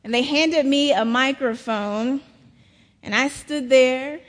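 Woman preacher, middle-aged, slow unhurried storytelling, slightly high voice, long church reverb. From South Carolina, US. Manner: slow, storytelling sermon delivery. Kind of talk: sermon. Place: large church.

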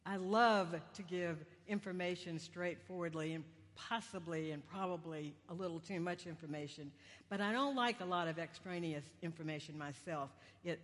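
A woman preacher giving a sermon in a conversational, self-deprecating way, with wandering humorous asides. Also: fairly low pitch. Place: church sanctuary. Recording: long church reverb.

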